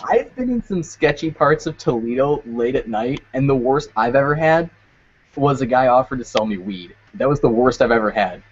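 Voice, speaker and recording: A man's voice: medium pitch, very animated, normal speed, a little hiss or hum. Laid-back young man, muffled lo-fi sound. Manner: laid-back storyteller, laughs at his own stories. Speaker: podcast co-host. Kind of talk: casual chat.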